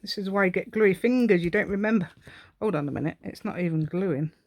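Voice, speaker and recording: A woman's voice: medium pitch, brisk, darkish tone, dry recording, studio quality. A woman hosting a step-by-step craft tutorial, chatting to herself and the viewer with rambling, giggly asides. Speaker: craft channel host.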